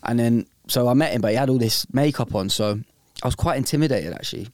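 Laid-back host, mid pitch, dry. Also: male voice, fast talker, darkish tone, no echo. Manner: laid-back, rambling, laughs easily. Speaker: host of a phone-in show. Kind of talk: casual chat.

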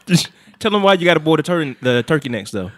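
A man co-hosting a casual chat, talkative and quick to laugh. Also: a little high, very animated, a bit bright. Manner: chatty, laughs often.

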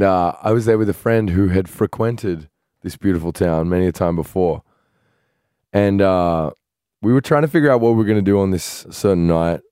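A man's voice: low-pitched, dark tone, no room sound, studio quality. A man co-hosting a podcast, telling a long story in casual chat and acting out his friends' voices as he goes. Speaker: podcast co-host.

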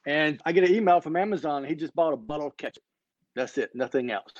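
A man in his fifties tells his founder's story at a brisk clip, animated and energetic. His voice sits a little high. The call audio sounds dry and slightly muffled. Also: no room sound. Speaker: company founder and guest. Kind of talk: storytelling in a podcast interview. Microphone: remote online call.

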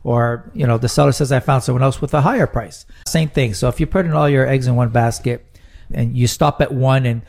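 A man's voice: mid-range voice, fairly even intonation, a little fast, vocal fry, a little mellow. A middle-aged man co-hosting a casual podcast chat, rambling and joking as he tells stories. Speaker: podcast co-host.

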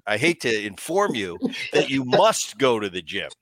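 A middle-aged man telling stories in easygoing podcast conversation. He acts out the voices of people he quotes. His voice sits in a middle pitch and is recorded close and dry, with no room sound. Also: normal speed, no echo. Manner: animated storyteller acting out quoted dialogue. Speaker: podcast co-host, former ballplayer. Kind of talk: casual storytelling chat.

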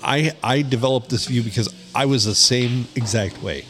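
A man's voice: mid-range voice, normal speed, fairly bright tone, slight background noise. Blunt Michigan man chatting on a podcast. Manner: blunt, matter-of-fact storyteller. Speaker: podcast co-host. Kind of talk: casual chat.

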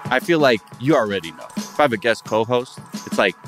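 A man's voice: mid-range voice, expressive, brisk, fairly bright tone, soft background music. A man hosting a casual comedy podcast, riffing playfully and jumping into goofy bits. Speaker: podcast host.

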